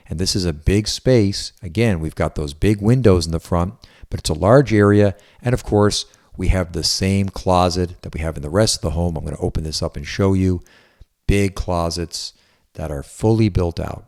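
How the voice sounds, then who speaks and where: A man's voice: sits low, darkish tone. A man giving an enthusiastic, chatty walkthrough tour of a house as a real estate agent. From Southwest Florida resident. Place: indoors in a house.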